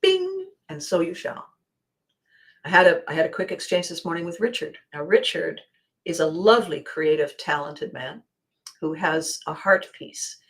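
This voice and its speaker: A woman hosting a show, talking casually in an expressive, emphatic way with wide swings in loudness. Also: sits low, normal speed. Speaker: host. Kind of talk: casual monologue.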